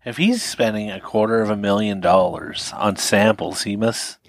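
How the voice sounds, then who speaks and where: A podcast co-host chatting casually about food, relaxed and quick to laugh, giving short replies. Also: low voice, dry recording. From Canada. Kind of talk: casual food-tasting chat.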